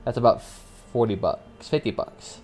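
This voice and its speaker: A young man streaming a vehicle combat game, chatting casually with swearing and sudden excited outbursts as he plays. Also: mid-range voice, measured pace, soft background music. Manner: casual, profane, excitable reactions. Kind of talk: live gameplay commentary.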